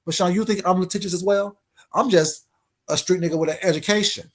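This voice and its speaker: A man's voice: sits high, steady tone, brisk. A man giving a brash, confrontational casual monologue as an online commentator.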